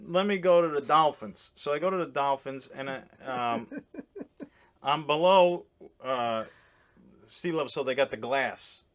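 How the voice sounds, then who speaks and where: A man with a somewhat higher voice tells a comic story in casual podcast chat. He rambles, restarts his sentences and laughs partway through. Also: unhurried, a bit bright. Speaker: comedian guest. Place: boat in a harbor.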